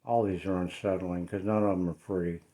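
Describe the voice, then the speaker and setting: Uneasy man with a lowish voice. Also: fairly even intonation, moderate pace, background noise. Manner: hesitant, many fillers, uneasy. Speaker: paranormal vlogger. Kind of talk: casual vlog commentary. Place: his home, indoors.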